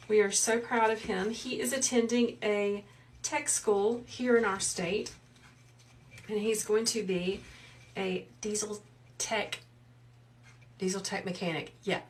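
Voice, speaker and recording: A woman, hosting a live wreath-making tutorial in a soft, soothing, chatty way while she reads out viewers' comments. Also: medium pitch, far from the mic. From South Carolina. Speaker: wreath maker and livestream host. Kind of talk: live craft tutorial chat.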